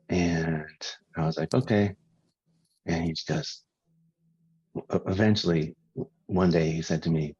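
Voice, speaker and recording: A man in a reflective conversation about meditation, speaking slowly and haltingly with many pauses, heard over a video call. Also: deep voice, steady tone, darkish tone, breathy edge, no echo. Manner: slow, halting, with frequent pauses and fillers. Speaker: inquiry session participant. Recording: dull, lo-fi call audio.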